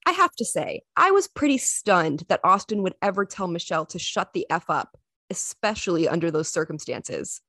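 A woman's voice: lowish voice, very animated, normal speed, sharp tone, dry recording. A woman with an American accent, hosting a podcast in composed, scripted narration. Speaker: podcast host.

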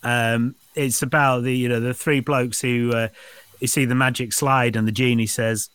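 A man in his thirties, a podcast co-host, telling dad jokes casually and acting out the characters with high squeaky voices. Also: normal speed, clean tone, no room sound. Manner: animated, acts out joke voices with high squeaks. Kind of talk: casual dad-joke swapping.

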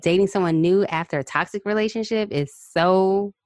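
A woman's voice: mid-range voice, normal speed, a little mellow, no echo, studio quality. A woman hosting a podcast interview, chatting candidly and sharing her own story. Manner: candid, chatty, shares personal stories. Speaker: podcast host. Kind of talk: conversational interview.

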